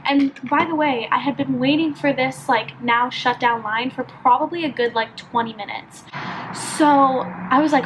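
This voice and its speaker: A young woman from California vlogging as she does her makeup at home. She tells a story in a chatty, animated way, full of "like". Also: high voice, moderate pace, background noise. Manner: chatty, filler-heavy, animated retelling with lots of "like". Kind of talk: casual get-ready-with-me storytelling.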